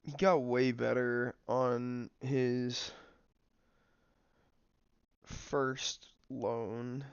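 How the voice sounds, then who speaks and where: Young male streamer, casual rambling chat, smooth voice with some grit. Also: mid-range voice, little pitch movement, very slow, dry recording, muffled recording. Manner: rambling, filler-heavy, snacking while talking. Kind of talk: casual livestream commentary.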